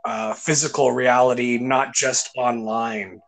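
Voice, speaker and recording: A man's voice: medium pitch, steady tone, slow pace, gravelly. A man hosting a podcast, telling stories in casual chat with lots of fillers and restarts. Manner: enthusiastic storytelling with many fillers and restarts. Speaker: podcast host.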